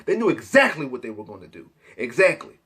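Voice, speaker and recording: A man's voice: medium pitch, sing-song, brisk, fairly bright tone, breathy edge. A young man, ranting emphatically about football on his vlog and repeating his points. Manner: emphatic, repetitive, Southern-tinged slang. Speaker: sports vlogger. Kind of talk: opinionated sports rant.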